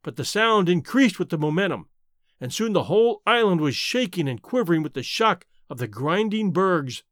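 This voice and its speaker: A man's voice: sits high, big pitch swings, moderate pace, fairly bright tone, dry recording, studio quality. A man narrating a classic adventure story in a dramatic, storytelling manner. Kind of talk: scripted audiobook narration.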